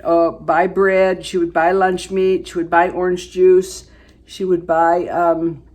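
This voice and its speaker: A woman in her seventies chatting casually through a makeup tutorial, rambling into family stories and then going soft when she works on her eyes. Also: fairly low pitch. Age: 70s. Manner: chatty storyteller, rambling with fillers, dropping to soft asides while applying makeup. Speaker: beauty vlogger.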